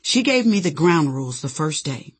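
A woman's voice: sits low, big pitch swings, normal speed, slightly rough. A woman narrating her own memoir with sassy, conversational storytelling. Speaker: author and narrator.

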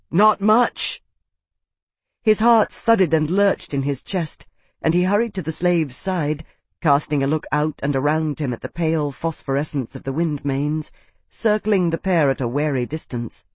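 A man reading a fantasy audiobook in a steady, vivid storytelling voice. His pitch sits somewhat high for a man, and the recording is dry and close with no room sound. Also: moderate pace, dry recording. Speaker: audiobook narrator. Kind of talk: scripted narration.

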